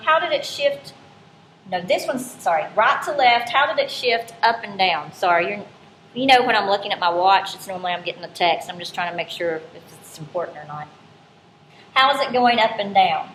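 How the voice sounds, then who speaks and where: A woman's voice: fairly high pitch, a bit bright. A woman teaching an algebra lesson in a casual, chatty way, correcting herself as she goes. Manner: chatty, informal, self-correcting. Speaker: math teacher. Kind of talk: recorded classroom lesson. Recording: roomy with faint background noise.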